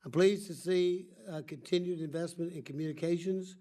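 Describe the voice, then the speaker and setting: A man's voice: fairly high pitch, fairly even intonation, moderate pace, mellow. An older man with a congested voice from allergies, chairing a formal hearing and giving opening remarks with rambling, self-correcting asides. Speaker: subcommittee chairman.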